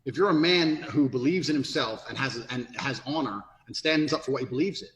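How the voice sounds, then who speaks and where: A man's voice: mid-range voice, brisk, fairly bright tone. A man talking bluntly and emphatically as a podcast guest, swearing freely. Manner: brash, profane, emphatic. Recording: roomy echo.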